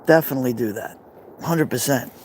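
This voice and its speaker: A man's voice: mid-range voice, a little fast, a little mellow, slight background noise. A man with a Brooklyn accent, live streaming outdoors by a fire pit, rambling casually and answering viewer comments. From New York.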